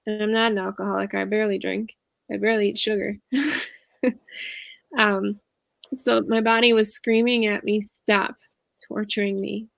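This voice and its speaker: Earnest woman with a gravelly edge. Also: mid-range voice, little pitch movement, normal speed, pauses often, dry recording. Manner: earnest, reflective, confiding. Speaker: guest speaker, empowerment coach. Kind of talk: casual interview conversation.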